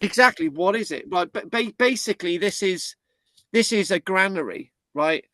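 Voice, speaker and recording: A man from Britain hosting an online history class, chatty and halting, with many restarts, on a video call. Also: high voice, expressive, a bit bright, no room sound. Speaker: history class tutor and host. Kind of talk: casual online class talk.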